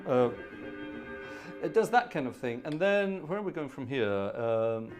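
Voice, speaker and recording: A man's voice: medium pitch, lively intonation, a little slow. A man hosting a live organ music stream, chatting casually and rambling between tunes, humming melodies aloud and reading viewer requests.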